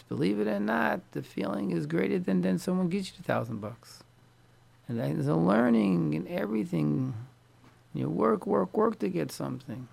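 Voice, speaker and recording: A man's voice: on the high side, gravelly, a little mellow, husky. A man, a rabbi, delivering a storytelling sermon with speech, repeating key words and mixing in Yiddish and Hebrew terms.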